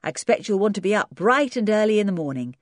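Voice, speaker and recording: A woman's voice: mid-range voice, very animated, fast, dry recording, studio quality, voice pushed up, lightly acted. A woman reading an audiobook and voicing a kindly, fussy farmer's wife with a motherly manner.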